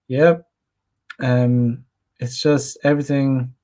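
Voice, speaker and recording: The young man from Ireland hosting this channel has a fairly high pitch and a moderate pace. He goes on a blunt, profane, rambling rant, stumbling through restarts and fillers as he reads comments from the livestream chat.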